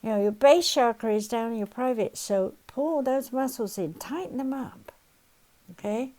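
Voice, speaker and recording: With a voice on the high side at a moderate pace, an older woman who counsels and teaches leads a spoken lesson, though the recording is low quality. She's animated, acting out daily worries while giving step-by-step directions for exercises.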